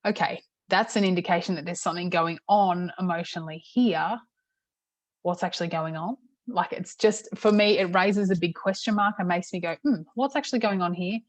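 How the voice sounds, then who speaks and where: A middle-aged woman, a parenting coach, teaching in a casual, chatty way with many "okay"s and a slightly hoarse throat. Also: on the low side, steady tone, normal speed, no room sound. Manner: chatty, repeats "okay" often. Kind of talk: casual talk-to-camera teaching.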